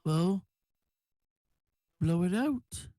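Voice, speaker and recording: A man doing a monotone albino drow servant. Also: high voice, drawn-out words, no echo, voice pushed up, heavily acted. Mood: flat stern. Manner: flat, stern, clipped.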